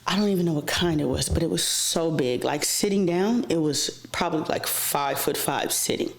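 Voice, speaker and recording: A woman's voice: deep voice, a little fast, gravelly. A woman talking through her own stories as a guest, plain-spoken and profane. Her talk is full of casual fillers, and she sometimes sinks to a near-whisper for effect. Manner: frank and profane, many fillers like "like" and "um". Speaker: interview guest. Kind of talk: casual storytelling. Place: office.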